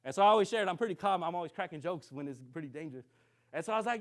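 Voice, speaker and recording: A man preaching to a congregation. He tells a story with lively, acted-out dialogue and keeps checking in with his listeners. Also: sits high, rapid-fire. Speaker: minister. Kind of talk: sermon storytelling.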